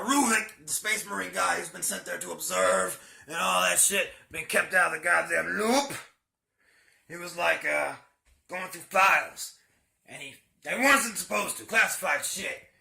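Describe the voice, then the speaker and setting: A man rambles through a story recap, swearing freely and using slang. His voice is high, heavily gravelly and bright, and it bounces around an echoey room. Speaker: channel host. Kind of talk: casual story retelling.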